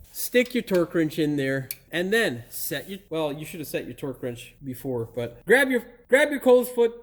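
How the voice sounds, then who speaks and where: A man's voice: on the high side, a little hiss or hum. A man hosting a car repair channel, stumbling over his lines, getting frustrated and cursing in the outtakes of his video. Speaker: auto mechanic channel host.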